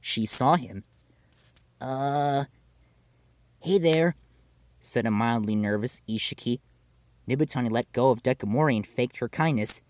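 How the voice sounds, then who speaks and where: A man narrating a story in an animated storytelling manner. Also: medium pitch, fairly quick, no echo.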